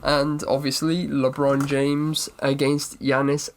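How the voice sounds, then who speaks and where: A man's voice: mid-range voice, level tone, takes it slowly. A man co-hosting a podcast, talking in a rambling, self-correcting, mock-serious way. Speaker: podcast co-host. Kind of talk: casual sports chat.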